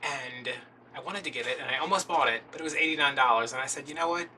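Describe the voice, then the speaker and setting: The voice is mid-range, fast, bright and forceful: a craft video host chatting casually and rambling self-deprecatingly about how his day went. Faint noise comes through the distant mic.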